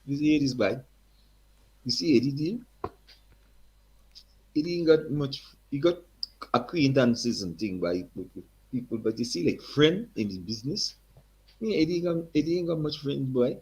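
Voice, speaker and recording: A man voicing a short, tough older Guyanese man who talks warmly and insistently, calling people "boy" and "man". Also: medium pitch, animated, normal speed, long pauses, pitched above the performer's own voice, close to an everyday voice. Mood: friendly, coaxing. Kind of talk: impersonation within a story.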